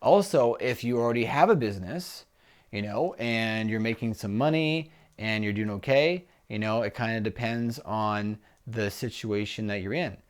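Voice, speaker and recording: A man co-hosting a casual business chat, talking conversationally and pitching a one-on-one call. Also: moderate pace, smooth. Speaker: business coach co-host.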